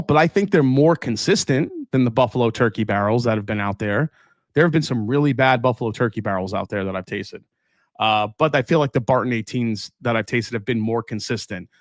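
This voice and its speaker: A man's voice: mid-range voice, dry recording, studio quality. A man hosting a casual live stream, unboxing bottles and answering chat as he thinks aloud with fillers and restarts.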